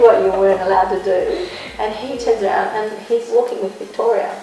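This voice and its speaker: An Australian woman, a guest sports broadcaster, telling lively, laughing anecdotes. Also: medium pitch, a little fast, hardly any pauses. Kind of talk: animated storytelling. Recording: echoey room, voice from far off.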